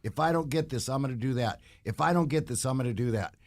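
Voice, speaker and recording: A man's voice: medium pitch, quick pace. Male podcast guest, earnest and rambling, casual storytelling about faith. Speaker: guest, bounty hunter. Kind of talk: casual interview talk.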